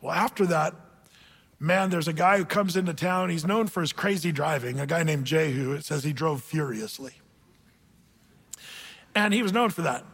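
Humorous pastor retelling scripture; gravelly, echoing church hall. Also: male voice, on the high side, normal speed, long pauses. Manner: animated humorous storytelling. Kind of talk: sermon.

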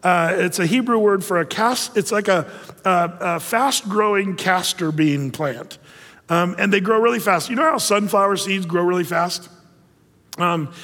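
A man's voice: sits high, a bit bright, big-room sound. A male pastor preaching a sermon in a conversational way, with playful asides and acted-out quotes.

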